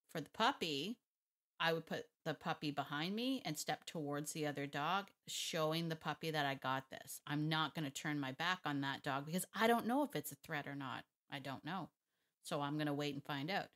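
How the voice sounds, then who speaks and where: A woman dog trainer explaining her methods in a casual, emphatic way, thinking out loud and laughing often. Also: fairly low pitch. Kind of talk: casual talk to camera, teaching.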